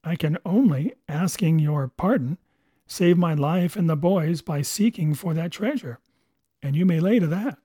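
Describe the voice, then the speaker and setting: Storybook figure: man doing a grizzled sea cook, rough talk, pitched higher than his own voice, mellow tone, dry sound. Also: unhurried, no echo. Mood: wheedling. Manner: rough sailor's grammar, pleading.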